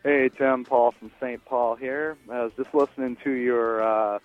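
A man's voice: fairly even intonation, measured pace, faint music behind. A male caller comes through a thin, tinny phone line. He pushes his idea eagerly and talks in a casual tone. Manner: eager, pushy pitching of an idea. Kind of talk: voicemail message.

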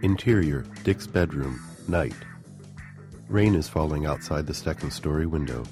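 A man reading a scripted audio story, flatly reading out stage directions. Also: extremely low pitch, moderate pace. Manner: flat, reads stage directions. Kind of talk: scripted narration. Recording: guitar music behind.

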